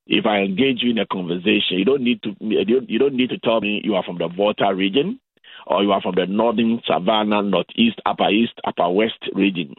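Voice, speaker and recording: A man from Ghana with a Ghanaian accent, calling in as a guest on a radio interview and explaining things in a measured way. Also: on the low side, husky, no echo. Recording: phone-line sound.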